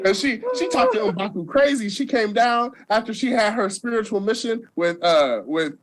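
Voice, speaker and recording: A young man excitedly retelling a movie on a podcast, acting out the characters' lines and laughing often. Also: very high-pitched, moderate pace. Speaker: podcast guest. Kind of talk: excited movie recap chat.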